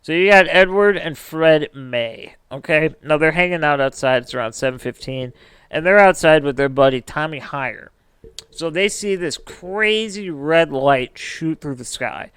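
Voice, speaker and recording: Man, podcast host, smooth resonant voice, dry close mic, animated storyteller. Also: a little high, measured pace, no room sound. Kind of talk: casual podcast chat.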